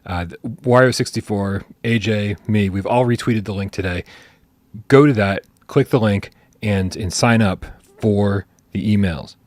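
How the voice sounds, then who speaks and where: A man's voice: lowish voice, a little slow, a little mellow, no room sound. A man hosting a casual livestream podcast, playful and teasing, rambling with restarts. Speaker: podcast host.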